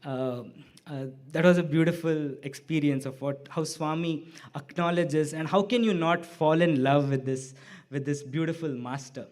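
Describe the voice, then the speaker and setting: A middle-aged man shares a devotional story with a hall audience, acting out his own lines and others' with lively changes of voice. His voice is on the high side, and he keeps a moderate pace.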